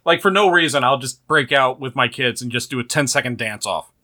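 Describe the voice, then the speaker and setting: A man's voice: medium pitch, a little fast, bright, forceful tone. A man from the American South co-hosting a podcast, telling stories in an easygoing, playful casual chat. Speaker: podcast co-host.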